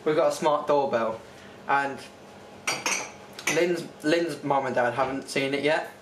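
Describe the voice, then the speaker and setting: A man's voice: medium pitch, unhurried. A young man hosting a casual family vlog, rambling with restarts and fillers. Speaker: vlogger. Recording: echoey room with faint noise.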